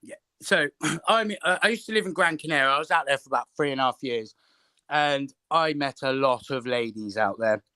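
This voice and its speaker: A man telling a story on a livestream in a relaxed, chatty way. His voice has a bright, forward tone and sounds close and dry, with little room sound. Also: mid-range voice, normal speed, smooth, no room sound. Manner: relaxed and chatty, with fillers like "and whatnot". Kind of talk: casual storytelling chat.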